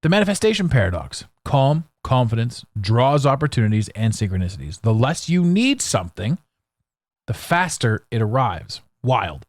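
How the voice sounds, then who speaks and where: Male podcast host, solo monologue; lively pitch, blunt and sarcastic, dry close sound. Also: moderate pace, dry recording. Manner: animated, blunt and sarcastic, with restarts.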